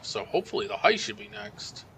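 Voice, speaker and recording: A man's voice: on the low side, very animated, fairly quick, fairly bright tone, a little hiss or hum. A man streaming a co-op game, chatting casually and rambling with lots of fillers. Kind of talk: casual gameplay chat. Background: game music.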